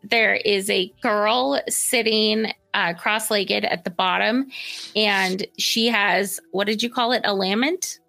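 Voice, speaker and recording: A woman co-hosting a casual movie review chat, describing things in a measured way with frequent pauses. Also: mid-range voice, fairly even intonation, vocal fry, sharp tone, no echo. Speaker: podcast co-host.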